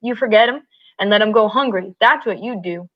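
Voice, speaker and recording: A woman's voice: medium pitch, brisk, close to an everyday voice. A woman voicing a scornful giant male rabbit that taunts and sneers, in a slightly muffled recording. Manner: sneering, harsh.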